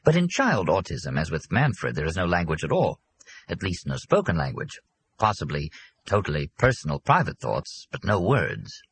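Smug doctor guy explaining stuff slow and measured, read by a man, low husky voice. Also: wildly swooping pitch, a bit bright, heavily acted. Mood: lecturing. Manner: measured, lecturing. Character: smooth, self-satisfied middle-aged male psychiatrist.

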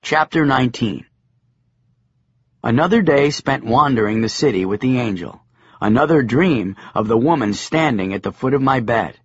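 A man reading a comic first-person novel aloud, with wry, deadpan storytelling. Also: medium pitch, normal speed, husky, no room sound. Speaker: audiobook narrator. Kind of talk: scripted comic narration. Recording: dull, lo-fi audiobook sound.

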